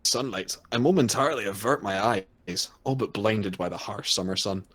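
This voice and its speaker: A man's voice: lowish voice, moderate pace, a bit bright. A man reading a visual novel's narration aloud during a let's play, joking and swearing between passages. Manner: jokey, swears freely, breaks into laughter. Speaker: let's play co-host reading the game text. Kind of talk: reading game narration aloud with casual banter.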